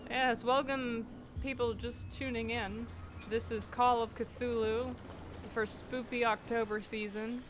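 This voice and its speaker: A woman's voice: fairly high pitch, level tone, takes it slowly, background noise. A woman streaming a video game, making chatty, joking asides over it. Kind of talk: casual let's-play commentary.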